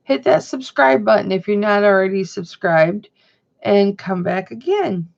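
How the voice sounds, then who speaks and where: A woman's voice: medium pitch, animated, measured pace, vocal fry, darkish tone, lo-fi sound. A woman vlogging from home in a rambling, chatty way. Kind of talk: casual chat.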